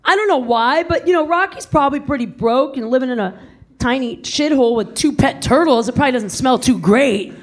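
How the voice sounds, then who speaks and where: Brash, high-voiced woman doing stand-up. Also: brisk. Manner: brash, profane, animated storytelling. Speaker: stand-up comedian. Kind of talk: stand-up comedy set. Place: comedy club stage. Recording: live club audience laughing. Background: crowd laughing and cheering.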